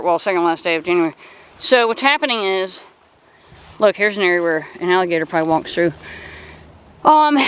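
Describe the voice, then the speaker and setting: A woman's voice: on the high side, fairly bright tone, clear, resonant tone, low-quality recording. A woman vlogging outdoors by a pond, talking casually into a handheld camera as she walks, chatty and rambling, correcting herself as she goes. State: out of breath. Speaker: nature vlogger. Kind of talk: casual walking narration. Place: outdoors at a wildlife refuge pond.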